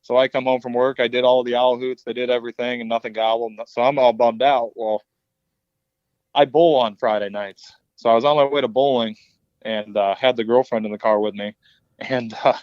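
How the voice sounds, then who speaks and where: A man in casual chat, telling a lively story and acting out the dialogue. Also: medium pitch, no room sound. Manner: animated storyteller, acts out dialogue. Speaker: podcast guest. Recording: dull lo-fi dry sound.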